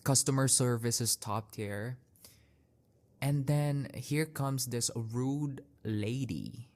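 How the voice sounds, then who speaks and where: A man's voice: mid-range voice, darkish tone. A young man hosting a podcast, telling personal stories in a casual way, with lots of "like" and restarts. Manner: unhurried, filler-heavy, with many "like"s and restarts. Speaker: podcast host. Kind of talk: casual storytelling monologue.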